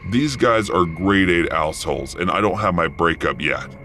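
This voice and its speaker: A man voicing a rude, panicky male truck driver who curses a lot, in an animated horror story. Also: sits low, normal speed, a little hiss or hum. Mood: calmer, apologetic. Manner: brusque, cursing.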